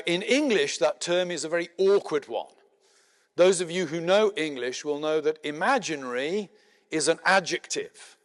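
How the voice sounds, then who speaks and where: A middle-aged man lecturing to a conference audience, his voice sitting a little high for a man. He explains in a measured way, with plenty of "uh"s and the odd dry aside. The room has a long, lingering reverb. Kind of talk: spoken lecture.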